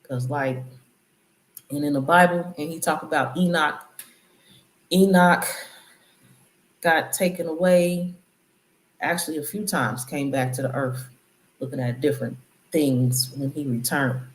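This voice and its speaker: A woman's voice: deep voice, fairly even intonation, measured pace, pauses often. Woman preaching casually in an echoey room. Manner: loose, conversational, preachy riffs. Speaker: channel host. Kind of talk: casual spiritual commentary.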